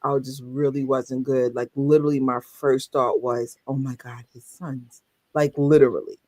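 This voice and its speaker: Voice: mid-range voice, little pitch movement, moderate pace, mellow, no room sound. A co-host in casual chat, telling stories animatedly with laughter and quoted reactions.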